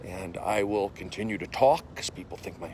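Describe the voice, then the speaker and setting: A man in his forties, a comedian livestreaming from his phone while walking outdoors. He speaks in casual chat, reads viewer comments aloud, and coughs and clears an irritated throat. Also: low voice, normal speed, a little hiss or hum. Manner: animated, jumping from loud bursts to mumbled asides.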